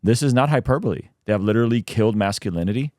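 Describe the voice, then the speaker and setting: A man hosting a casual commentary podcast, animated and excitable, his voice leaping high when he reacts. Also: very fast, dry recording, clean studio sound. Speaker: podcast host.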